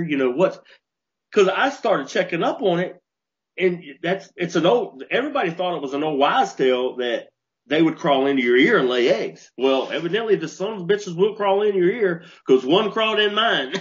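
Brief: male co-host, fairly high voice, animated storyteller, dull lo-fi podcast sound. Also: moderate pace. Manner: animated storyteller, repeats and restarts when worked up. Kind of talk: casual storytelling chat.

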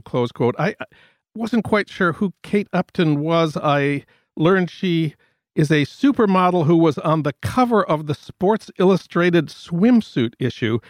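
A man's voice: a little high, expressive, a little slow, no echo. A man hosting an interview, asking questions in a dry, ironic way. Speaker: host.

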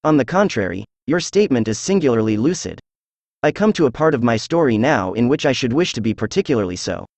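A synthesized male voice narrating a classic audiobook in a steady, measured way. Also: mid-range voice, no echo.

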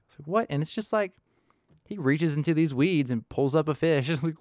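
A man's voice: mid-range voice, fast, dry recording. Podcast host dude, mid voice, keeps laughing while he rambles, dry mic. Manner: laughing storyteller, loose and rambling. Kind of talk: casual chat.

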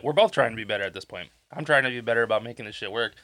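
Congested man, bright, sharp tone. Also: medium pitch, rapid-fire, no echo. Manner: rambling, profane, loses his train of thought. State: sick, congested. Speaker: podcast co-host. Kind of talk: casual chat. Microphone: podcast microphone.

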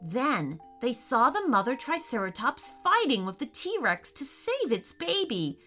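A woman narrating a children's story in a slow, expressive way. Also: high voice, soft background music.

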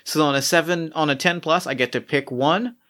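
A man's voice: a little high, a little fast. A man playing a tabletop game, chatting casually and reading out rules. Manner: relaxed, chatty, reads out rules. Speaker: player.

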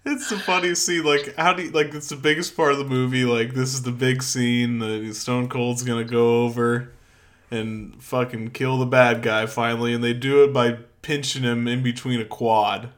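A man's voice: medium pitch, steady tone, moderate pace. A man co-hosting a podcast, chiming in with amused casual remarks. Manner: laughing, amused interjections. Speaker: podcast co-host. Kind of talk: casual chat.

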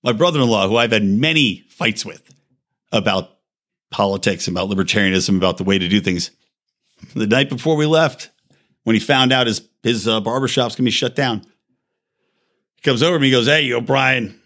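A man's voice: fairly low pitch, fairly quick, long pauses, fairly bright tone. A man hosting a podcast, delivering a heated, profane rant with emphatic, wide swings in his voice. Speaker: podcast host. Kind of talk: ranting monologue.

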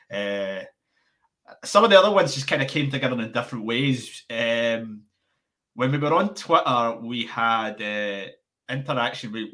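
Bright-voiced young man. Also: mid-range voice. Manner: rambling, restarts often, animated. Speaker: podcast founder. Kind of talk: casual interview chat.

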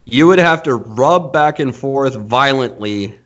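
A man's voice: medium pitch, expressive, a little slow, lo-fi sound. Blunt, profane male podcast host. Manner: blunt, profane, mocking, laughs often. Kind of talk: casual comedic rant.

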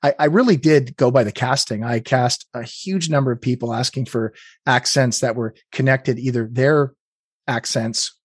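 A Canadian game developer talks through his choices in a conversational interview, with many restarts and fillers. His medium-pitched voice is slightly rough, he speaks at a moderate pace, and the recording is dry with clean studio sound.

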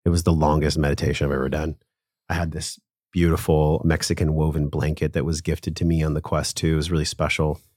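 Deep-voiced man telling a heartfelt story. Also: level tone, a little fast, darkish tone, no echo, clean studio sound. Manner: earnest, emotional, casual with swearing. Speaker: podcast guest. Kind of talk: candid personal storytelling.

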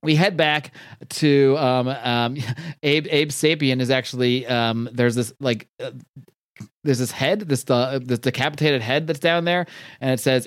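A young man reviewing comics in casual, animated talk, swearing and laughing often. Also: mid-range voice, a little slow, smooth, no echo, clean studio sound.

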